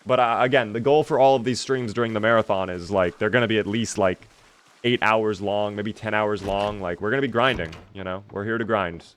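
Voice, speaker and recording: Speaking briskly in a lowish voice, a young man streams a zombie survival game. He keeps the commentary casual, reading questions from his chat aloud and answering each one.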